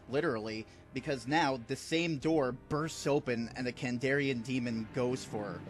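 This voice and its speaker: A man walks through his fan film idea in casual narration, loose and chatty with the odd filler. His voice sits at an ordinary middle pitch. Background music plays behind him the whole time.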